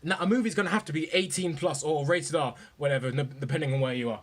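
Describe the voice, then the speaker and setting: A young man gushing about movies in a profane, rambling, excited rant. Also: on the high side, fast talker. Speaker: vlogger.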